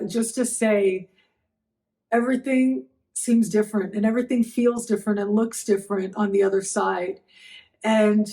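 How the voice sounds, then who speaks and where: A woman's voice: mid-range voice, mellow. Middle-aged woman, astrology vlog host, emotional and grateful, stops and starts, recovering after bed rest. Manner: emotional, grateful, halting with repeated thanks. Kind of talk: heartfelt personal talk to camera.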